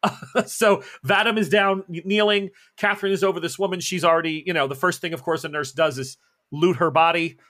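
A man's voice: high voice, steady tone, brisk, fairly bright tone. A man running a tabletop horror game as game master, narrating the action with joking asides.

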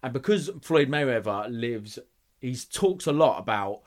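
A man's voice: medium pitch, unhurried. Opinionated man ranting about boxing. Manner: opinionated, swears freely, animated rants. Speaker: podcast co-host. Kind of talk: casual boxing podcast chat.

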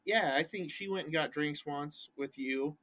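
Man, podcast co-host, bright tone, relaxed casual chat. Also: on the high side, unhurried.

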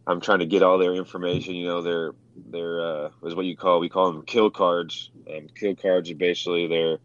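Deep-voiced man telling rough war stories. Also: moderate pace, lo-fi sound. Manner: animated, acts out quotes with swearing. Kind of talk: casual storytelling, profane.

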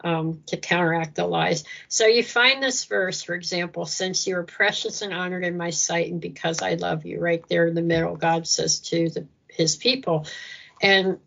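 A woman's voice: lowish voice, steady tone, normal speed, vocal fry, fairly bright tone, dull audio. A woman speaking earnestly about faith in an interview, acting out prayers in a lifted voice. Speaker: guest speaker on Christian ministry. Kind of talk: conversational interview.

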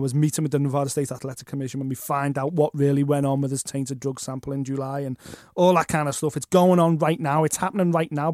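A man co-hosting a sports podcast, talking in a fast, animated and opinionated way. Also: on the high side, no echo, clean studio sound. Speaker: podcast co-host. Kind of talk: casual sports chat.

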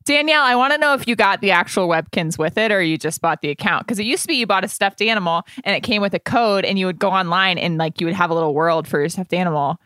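A woman's voice: on the low side, fast, few pauses, fairly bright tone, clear, resonant tone, no room sound. A young woman co-hosting a podcast in casual chat, enthusiastic and emphatic. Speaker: podcast co-host.

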